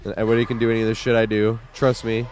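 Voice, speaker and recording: Congested man streaming, low and casual. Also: level tone, rapid-fire, darkish tone, a little hiss or hum. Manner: loose and profane, chatting with viewers. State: congested, weak voice from a cold. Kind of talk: casual livestream chat while gaming.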